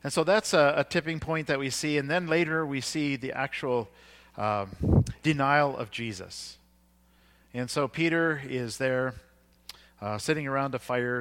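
Man, preacher, sermon, conversational, plain retelling, fillers and restarts, mid pitch. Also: moderate pace, a bit bright.

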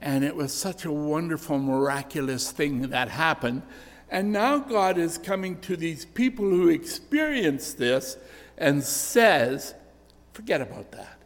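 A man's voice: fairly high pitch, animated, measured pace. An older man preaching a sermon, telling personal stories in an earnest, storytelling way. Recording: echoey church hall reverb.

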